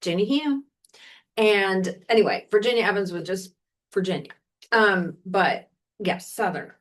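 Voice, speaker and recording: Woman from dc chatting books on a podcast, mid pitch, rambly, keeps correcting herself. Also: unhurried. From Washington, D.C., United States. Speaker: podcast co-host recommending books. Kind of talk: casual chat.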